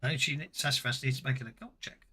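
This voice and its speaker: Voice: mid-range voice, fairly even intonation, fast, pushed and bright, husky. A game master narrating a tabletop game in a chatty way, stopping now and then to correct themself.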